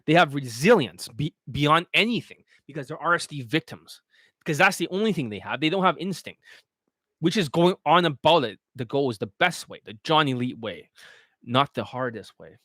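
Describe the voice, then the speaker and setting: A man talking as a dating coach in a casual livestream, blunt, boastful and full of swearing as he pitches his products. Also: expressive, moderate pace, a bit bright, no room sound, clean studio sound.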